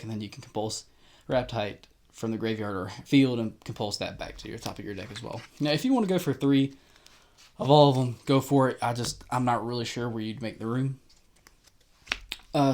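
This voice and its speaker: A man at an average pitch explains his card game deck with easygoing enthusiasm. He rambles, backtracks to fix his slips, and lets out light chuckles as he goes. The tone is informal, like showing a friend his build. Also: darkish tone. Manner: rambling, self-correcting, chuckles between points. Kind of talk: casual deck walkthrough.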